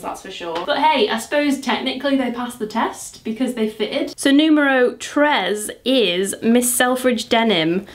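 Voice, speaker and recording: In a casual try-on vlog, a young woman with a fairly high voice wrestles her way into clothes, chatting and poking fun at herself. She exclaims, groans, and sometimes runs out of breath, all in an echoey room.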